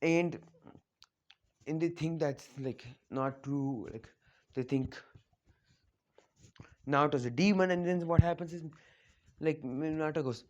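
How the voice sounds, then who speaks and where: A man's voice: on the high side, takes it slowly, long pauses, highs cut off. A man casually retelling a fan story, rambling with lots of fillers and frequent self-corrections.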